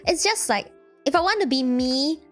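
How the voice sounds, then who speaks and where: Young woman, casual stream chat, giggly, high bright voice, soft music behind. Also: expressive, normal speed. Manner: giggly, chatty, frequent laughter. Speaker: streamer host.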